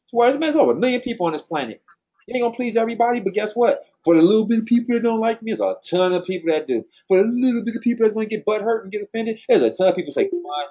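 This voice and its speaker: A man's voice: high-pitched, animated, very fast, dark tone. A man giving a blunt, passionate team talk in a loose, slangy way, like a trainer speaking to his team. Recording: dull lo-fi sound.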